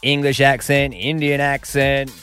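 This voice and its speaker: A man's voice: medium pitch, level tone, measured pace, a bit bright. A man hosting a radio show in a casual, joking way, with faint music behind him. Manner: jokey, chatty, puts on voices. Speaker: radio host.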